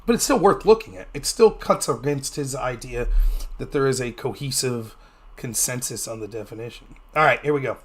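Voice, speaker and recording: A man speaks at normal speed with a breathy edge as a guest political commentator in a casual interview. He's animated, and his pitch jumps sharply upward as he greets people.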